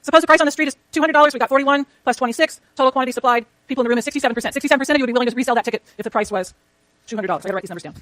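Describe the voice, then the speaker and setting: A woman lecturing a university economics class, rushing through clicker questions and talking to herself as she works her slides. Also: high-pitched, a bit bright, no echo. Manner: rapid, chatty, self-talk while working slides. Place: lecture hall.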